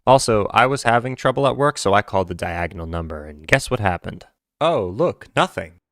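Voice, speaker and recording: A man's voice: lowish voice, quick pace, a bit bright, no room sound, clean studio sound. A man talking through a video analysis of a show in a wry, joking and speculative way. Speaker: commentary host.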